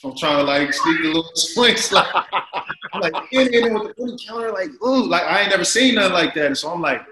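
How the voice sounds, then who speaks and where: A man in his forties telling a long story as an interview guest, rambling and animated, with many fillers. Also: high-pitched, a little fast, roomy sound, background noise. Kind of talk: casual storytelling.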